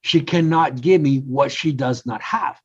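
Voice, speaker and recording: A man's voice: medium pitch, measured pace, slightly rough. An older man, a coach and podcast guest, telling personal stories in a casual interview and acting out the quoted voices. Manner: animated storyteller, acts out quotes. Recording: slightly dull lo-fi audio.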